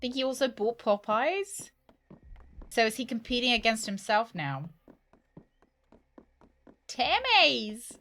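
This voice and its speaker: A woman's voice: on the high side, animated, normal speed, a bit bright. A young woman with a British accent chatting playfully with her viewers while streaming a game. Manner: chatty, playful, teasing banter with chat. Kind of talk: casual let's-play chat.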